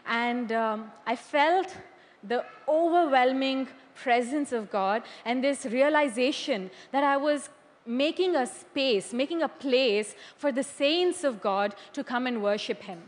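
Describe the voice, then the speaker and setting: A woman preaching a sermon in a church hall. She is animated, laughs often and keeps checking in with "okay?". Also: high-pitched, slow, slight background noise. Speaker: church leader. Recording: long hall reverb.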